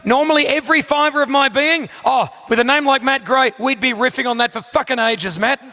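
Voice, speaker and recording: An Australian man hosting a live comedy show on stage, loud, sweary and exasperated as he banters with the audience. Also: extremely high pitch, a little fast.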